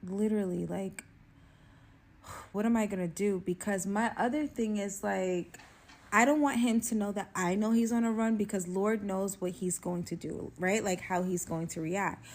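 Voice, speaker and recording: Young woman, casual storytime vlogger, rambling delivery packed with fillers, mid pitch. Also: moderate pace. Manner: rambling, filler-heavy, animated.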